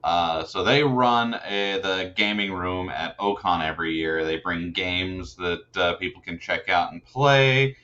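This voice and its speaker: A man co-hosting a podcast, talking with halting "uh" pauses. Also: low voice, pushed and bright. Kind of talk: casual podcast chat. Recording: dull lo-fi mic.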